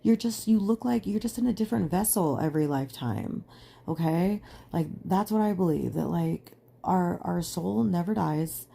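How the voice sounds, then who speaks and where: A woman's voice: on the low side, normal speed, creaky, warm tone, breathy edge. A young adult woman hosting a podcast, talking in an earnest, emphatic monologue full of "like" fillers. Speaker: podcast host. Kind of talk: casual personal monologue.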